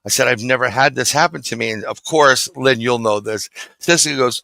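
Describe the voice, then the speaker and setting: A man's voice: medium pitch, moderate pace, vocal fry, pushed and bright, no echo, poor audio. A middle-aged man from New City, telling a story as a guest in a casual interview and acting out the dialogue. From New York City.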